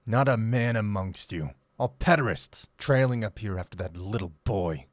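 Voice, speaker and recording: A man voicing a ragged older male prisoner priest who shouts fierce, scornful taunts. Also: on the low side, moderate pace, no echo, lightly acted. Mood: scornful shouting.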